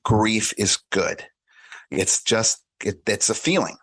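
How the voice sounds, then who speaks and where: A man speaking as a coach in a casual podcast interview, animated and acting out little dialogues, with many restarts and repeated words. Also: lowish voice, slow, slightly rough, dry recording. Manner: animated, acts out little dialogues in shifting voices. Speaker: career and life coach guest.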